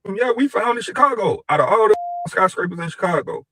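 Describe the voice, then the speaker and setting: A man's voice: high voice, lively intonation, a little fast, fairly bright tone, no echo, rough recording. A man, making a blunt, argumentative point through a story.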